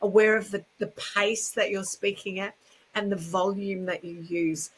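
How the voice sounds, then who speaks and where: Bright-voiced Australian woman coach. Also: mid-range voice, moderate pace, slight background noise, poor audio. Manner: chatty, animated storyteller. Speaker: guest, speaking coach. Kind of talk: casual interview chat.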